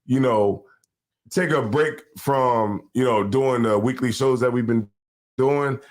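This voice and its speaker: A man's voice: medium pitch, slow pace. A man hosting a casual live podcast, with a hype roll-call delivery and lots of "you know" fillers. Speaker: host.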